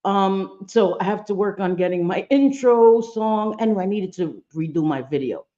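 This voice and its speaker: A woman's voice: medium pitch, expressive, moderate pace, mellow, lo-fi sound. Chatty woman streaming from home, swearing and laughing. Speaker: livestream host. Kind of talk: casual livestream chat. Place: home room with bright lights.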